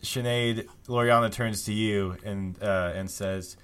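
A man running a tabletop game as game master, narrating in a relaxed way with many fillers. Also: fairly low pitch, measured pace, clear, resonant tone.

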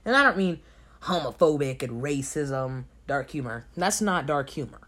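A man's voice: a little high, expressive, moderate pace, a bit bright. A young man hosting a casual solo advice podcast late at night, sleepy, emphatic and repeating words for stress. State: sleepy, recording at 3 a.m. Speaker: podcast host. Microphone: home podcast mic.

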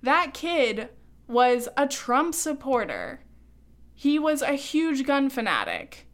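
A woman hosting a podcast, ranting quickly and heatedly, running short of breath. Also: high-pitched, very animated. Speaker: podcast host. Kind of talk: opinionated podcast monologue.

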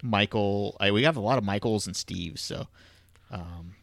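A man co-hosting a podcast in casual chat, easygoing and halting, with many fillers. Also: on the low side, gravelly, a bit bright, dry recording, studio quality. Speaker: podcast co-host.

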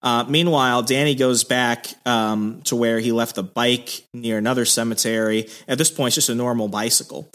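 A man's voice: mid-range voice, fairly even intonation, moderate pace, few pauses, a bit bright. A man hosting a podcast, casually retelling a story in a loose, rambling way, full of fillers. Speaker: podcast host. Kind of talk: casual comic recap.

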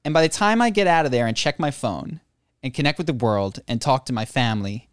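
A man in his own casual chat, telling a story with lots of animation and mock voices. His pitch sits in the middle for a man, and the sound is dry and close, with no room behind it. He pokes fun at himself as he goes. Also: fairly quick, clean tone, no room sound. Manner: animated, acts out quoted voices, laughs often; self-deprecating humor.

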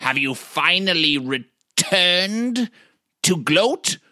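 A man playing an eccentric old hermit wizard, jumpy and strange, with a high, excitable voice pushed far above his own. The tone is bright and forceful, and the sound is dry and close. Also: drawn-out words, no echo, heavily acted. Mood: wary, probing.

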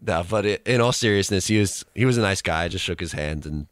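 A man's voice: deep voice, quick pace, dry recording. A young man co-hosting a casual chat, rambling through an anecdote and laughing as he tells it. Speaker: co-host, student radio reporter.

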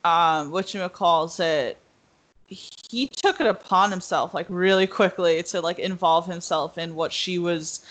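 A woman's voice: fairly low pitch, a little slow, fairly bright tone. A young woman in casual chat, rambling with lots of fillers and acting out quotes. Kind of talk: casual podcast discussion.

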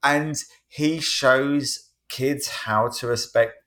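A podcast panelist with a mid-range voice talks extremely slowly in a casual chat. He tells a rambling anecdote and acts out the quotes, giving an animated retelling in different voices.

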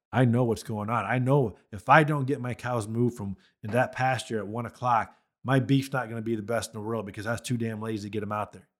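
A man who raises beef cattle, hosting a podcast and talking bluntly and emphatically about marketing with folksy conviction. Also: on the low side. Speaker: cattle farmer and podcast host. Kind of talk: motivational podcast talk.

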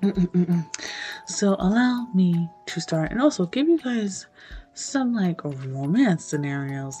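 A woman's voice: lowish voice, darkish tone. A young woman in casual chat, rambling with many fillers and swearing freely.

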